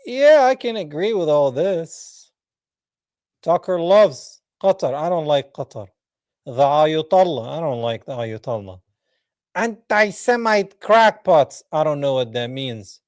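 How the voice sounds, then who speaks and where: Male podcast host, mocking reaction talk, unhurried delivery, dry close sound. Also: a little high, expressive, a little mellow, no echo. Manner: mocking, sarcastic, laughs at clips. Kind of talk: live reaction commentary.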